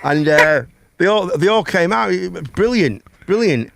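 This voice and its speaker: A man's voice: sits high, animated, a little slow, vocal fry, fairly bright tone, dry recording, clean studio sound. A man, hosting a casual chat and telling a long story, rambling, swearing and repeating words. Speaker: host.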